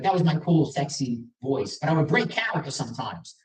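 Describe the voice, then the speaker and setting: A man's voice: on the high side, big pitch swings, fairly quick, a little mellow. A middle-aged man tells self-deprecating stand-up stories, his voice swooping up and down as he acts out both sides of a conversation. He sounds a little off the mic, and the room around him echoes. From Long Island, New York. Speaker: stand-up comedian. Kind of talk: stand-up comedy set. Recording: roomy venue, mic from a distance.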